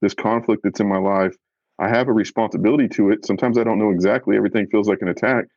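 A man's voice: lowish voice, fairly even intonation, fast, a little mellow, dry recording, highs cut off. A man, a professional fisherman, talking candidly as a podcast guest, blunt and earnest, a self-described fiery man who gets right to the point.

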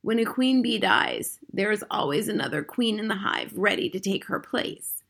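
Woman voicing a calm wise grandmother. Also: medium pitch, vocal fry. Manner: slow, soft and measured.

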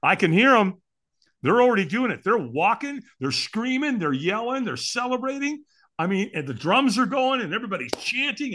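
A man talks as a podcast guest, telling his story with plenty of emphasis and tossing rhetorical questions at the listener. His voice sits a little high for a man. It swings widely up and down as he goes. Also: big pitch swings, fairly quick, fairly bright tone. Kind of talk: storytelling in an interview.

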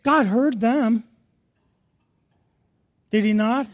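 Male pastor, very high voice, slow and fervent sermon delivery, from hushed to loud. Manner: impassioned preaching that swings between hushed and loud.

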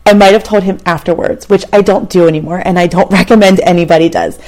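A woman's voice: lowish voice, fairly even intonation, quick pace, a little mellow. A woman in her thirties hosting a show, telling a personal story in a candid, conversational way and addressing the listener directly. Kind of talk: casual storytelling monologue.

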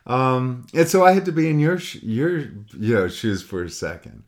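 A man's voice: medium pitch, lively intonation, normal speed. A man talking casually as a painting teacher on a call with a student, rambling and repeating himself as he acts out what students say. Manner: rambling, repeats words, quotes students in other voices. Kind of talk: casual one-on-one critique talk.

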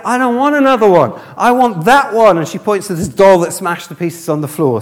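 A man preaching a sermon, telling stories and acting out the people in them with animated delivery. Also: fairly high pitch. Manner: animated, acts out characters in his stories. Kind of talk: sermon with storytelling. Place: church hall with live audience. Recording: long hall reverb.

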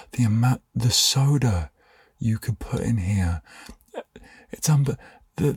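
A young man hosting a sleepy podcast, rambling softly and trailing off. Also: fairly low pitch, breathy edge, dry recording, studio quality. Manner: meandering, soft-spoken, trails off. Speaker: podcast host.

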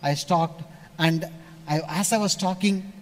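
A man from India, preaching a sermon and telling stories, switching between loud emphasis and hushed asides. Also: high voice, a little slow. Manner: storytelling, animated shifts between loud and hushed.

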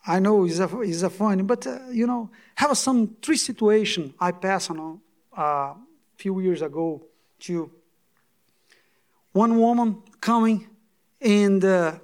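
A man preaching a sermon-style testimony in halting, non-native English, full of restarts and repeated words for emphasis. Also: high voice.

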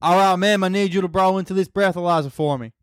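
A man's voice: high voice, quick pace, clear, resonant tone, no room sound, studio quality, pitched above the performer's own voice, close to an everyday voice. A man voicing a tense, jumpy American male cop with clipped, alarmed commands and an American accent.

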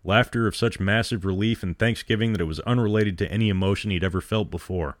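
A man reading a short story aloud in a steady, dramatic narration. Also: lowish voice, fast talker, no room sound, clean studio sound.

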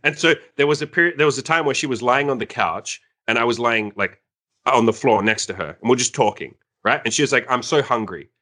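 A young man, a coach, telling a story in casual chat, animated and laughing, with many fillers. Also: mid-range voice, fairly quick.

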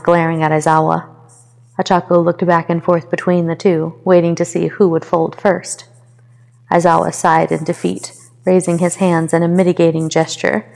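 A woman reading a fan fiction story aloud with expressive narration. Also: lowish voice, creaky, in a large hall.

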